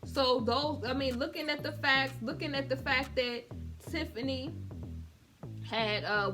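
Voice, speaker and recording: Sassy woman commentator over background music. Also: a little high. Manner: sassy, conversational, calls viewers honey and boo. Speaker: YouTube commentary host. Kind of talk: casual celebrity commentary.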